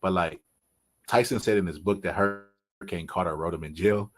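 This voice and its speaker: A man's voice: low-pitched, moderate pace. A man hosting a casual podcast chat, telling stories in loose slang and tacking "bro" onto nearly every sentence. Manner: loose slangy talk, says "bro" constantly; lively storyteller, acts out quotes. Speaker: podcast host.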